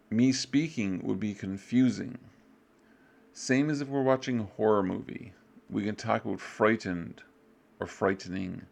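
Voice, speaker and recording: A man's voice: gravelly, darkish tone. A man teaching English, going over a review unit in a loose, offhand way and acting out short student replies. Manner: loose and offhand, fills gaps with "blah, blah"; acts out short student replies with jumps in pitch. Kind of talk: casual review lesson.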